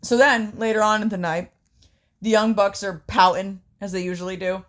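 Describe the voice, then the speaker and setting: A woman co-hosting a casual podcast, swearing constantly as she tells a story in an animated way. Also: mid-range voice, normal speed. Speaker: podcast co-host. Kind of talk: casual chat recapping wrestling.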